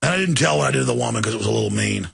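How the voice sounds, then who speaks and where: A man delivering an angry political rant as a talk show host, repeating himself and breaking into shouts. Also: mid-range voice, animated, rapid-fire. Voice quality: gravelly, raspy.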